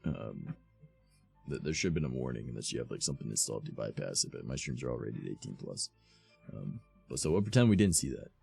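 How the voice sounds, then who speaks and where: A man's voice: a bass voice, big pitch swings, fast, gravelly, mellow, faint music behind. A male streamer reading fanfiction aloud for comedy, with sarcastic asides between the dramatic readings, from a home streaming setup.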